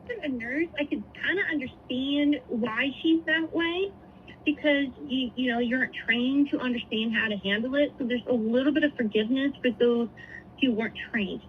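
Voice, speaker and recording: A woman's voice: sits high, normal speed, a little hiss or hum. Woman on tinny phone-like audio. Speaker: nurse. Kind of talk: personal storytelling.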